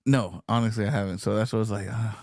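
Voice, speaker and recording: A man's voice: on the low side, steady tone, fast talker, gravelly, darkish tone, dry recording, studio quality. A man chatting casually as a stream guest, laid-back and hesitant when giving opinions. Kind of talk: casual chat on a live stream.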